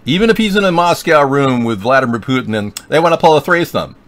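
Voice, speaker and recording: A man's voice: medium pitch, animated, fast, fairly bright tone. A man hosting a political livestream, rambling and joking with sarcasm. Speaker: livestream show host.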